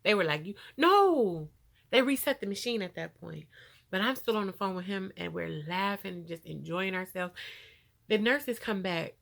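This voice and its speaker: An animated woman tells her story casually, laughing often and at times turning emotional. Her voice has a gravelly, creaky edge. She speaks with features. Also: mid-range voice, moderate pace. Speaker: vlogger telling her own story.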